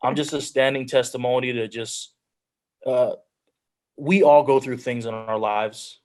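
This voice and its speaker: A man's voice: mid-range voice, steady tone, unhurried, darkish tone. Earnest young man on a video call. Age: young adult. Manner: earnest, heartfelt, with frequent restarts and "like". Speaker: guest speaker, pro football player. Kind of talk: personal storytelling on a group call.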